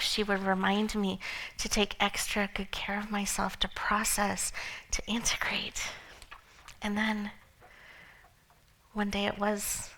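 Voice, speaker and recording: An earnest woman hosting an event, telling a heartfelt personal story. Her mid-range voice turns quiet and close to a whisper in the tender moments. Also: mid-range voice, rough recording. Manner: earnest, emotional, softening to near-whispers. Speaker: event host and speaker.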